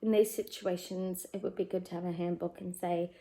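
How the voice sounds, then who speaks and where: Australian woman, 30s, home vlogger, casual and candid, gets soft and emotional about the kids. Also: lowish voice, level tone, brisk, rough recording. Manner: candid and chatty, turns quiet and emotional about parenting. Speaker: vlogger, working mum. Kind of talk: casual chatty life update. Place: at home, in her living room.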